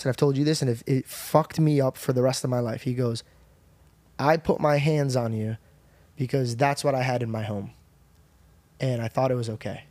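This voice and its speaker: A young man hosts a podcast and tells a personal story in loose, everyday speech, with swearing mixed in. His voice sits at a medium pitch, and the sound is dry and close. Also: darkish tone, dry recording. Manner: casual, swears freely. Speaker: podcast host. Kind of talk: casual chat, storytelling.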